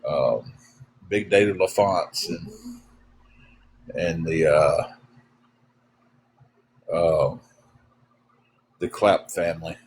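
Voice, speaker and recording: Low-ish guy on a livestream, rambling folksy stories, lots of ums, kinda tired. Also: darkish tone, husky. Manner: drawn-out, tired. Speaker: livestream co-host. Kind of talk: casual livestream chat, storytelling.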